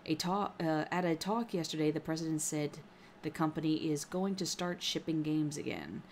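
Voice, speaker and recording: A woman's voice: low-pitched, moderate pace, a little mellow, a little hiss or hum. A woman co-hosting a casual gaming podcast, reading news articles aloud and laughing at her own slips.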